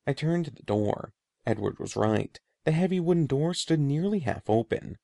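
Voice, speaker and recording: A man reading a children's adventure story aloud in a measured storybook way, voicing the dialogue. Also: fairly high pitch, expressive, creaky, mellow, no room sound, clean studio sound. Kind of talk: scripted narration.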